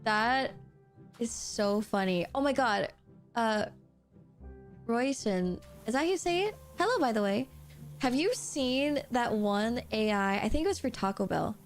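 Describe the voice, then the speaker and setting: A woman streaming while she plays a game, telling stories in a giggly, animated way, laughing often and swearing casually. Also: on the high side, a little slow. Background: faint background music.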